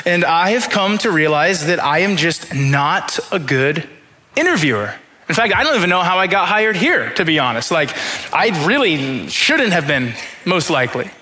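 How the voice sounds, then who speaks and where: A young man, a high school pastor, preaching a sermon through funny, self-deprecating stories and acting out his own thoughts in quotes. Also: sing-song, moderate pace, pushed and bright. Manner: humorous self-deprecating storytelling.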